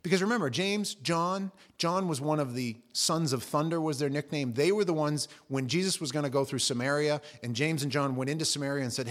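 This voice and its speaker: Animated man preaching a sermon. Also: brisk, few pauses. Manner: animated storytelling, acting out quotes with jumps in pitch and volume. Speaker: pastor.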